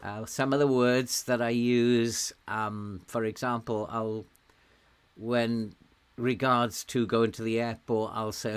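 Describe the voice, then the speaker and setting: A middle-aged man with a faint Welsh lilt talks unhurriedly, in an easy, chatty way. He laughs a lot between his words, and his voice sits at an ordinary pitch. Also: flat delivery, smooth. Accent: softened Welsh, with some American words. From Wales. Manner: slow, chatty, laughs often while talking. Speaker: game streamer. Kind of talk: casual live-stream commentary.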